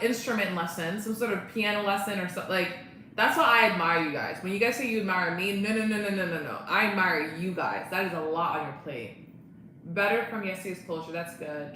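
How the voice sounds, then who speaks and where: A woman's voice: fairly low pitch, pushed and bright, a little hiss or hum. A young woman chatting casually on a live stream, bubbly and laughing often as she greets viewers. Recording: very echoey room.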